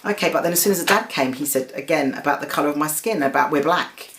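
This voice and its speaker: A woman's voice: fast, a bit bright, echoey room. A woman, hosting her own show and earnestly retelling a dispute, stumbling and restarting as she goes. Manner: voices the other people with a raised pitch. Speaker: host. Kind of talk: personal storytelling to camera.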